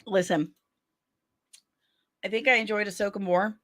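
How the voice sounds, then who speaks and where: A woman hosts a loose livestream chat, reading fan comments and firing back quick opinions. She sounds candid and teasing, with a mid-range voice that sits right in the middle for a woman. Her delivery is casual, with plenty of asides. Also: medium pitch, steady tone, a bit bright. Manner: candid, opinionated and playfully sarcastic. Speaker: host of a daily pop-culture chat show.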